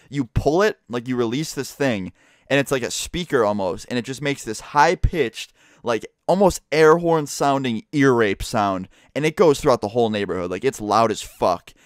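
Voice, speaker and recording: A man's voice: medium pitch, lively intonation, brisk, dry recording, clean studio sound. A teenage boy telling a casual storytime, rambling and profane, full of fillers. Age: teens.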